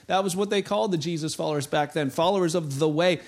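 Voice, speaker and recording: A pastor preaching a sermon in a conversational, animated way, speaking straight to his congregation. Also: high voice, fast, hardly any pauses.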